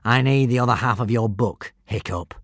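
A man's voice: medium pitch, normal speed, no room sound, studio quality, natural voice. A man voicing a treacherous, scheming villain in an audiobook, with a sneering, hissing drawl. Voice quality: sneering, hissing drawl, mangled foreign words. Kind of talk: audiobook character voice.

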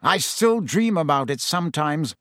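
A man voicing a pompous middle-aged minister in a storybook reading, with a brisk, officious delivery. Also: a little high, lively intonation, a bit bright, dry recording, clean studio sound. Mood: sharp. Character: pompous middle-aged male minister, self-important but shaken.

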